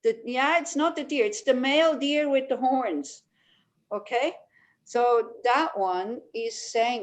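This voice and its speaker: A woman's voice: fairly high pitch, unhurried, rough recording. Woman teaching a meditation class online. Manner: warm storytelling, many "you know" fillers. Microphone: video call.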